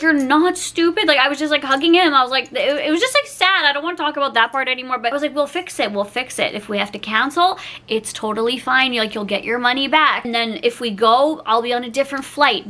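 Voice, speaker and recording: Young woman YouTuber, storytime vlog, chatty and animated, bright tone, lively delivery. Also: a little high. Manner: chatty, animated retelling with quoted dialogue.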